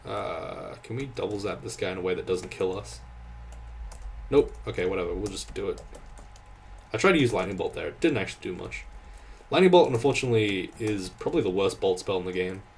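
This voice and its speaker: A man's voice: deep voice, brisk, vocal fry, pauses often, a little hiss or hum. A man giving casual, exasperated gameplay commentary, swearing often and restarting his sentences. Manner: exasperated, sweary ranting with frequent laughs and restarts. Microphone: desk microphone.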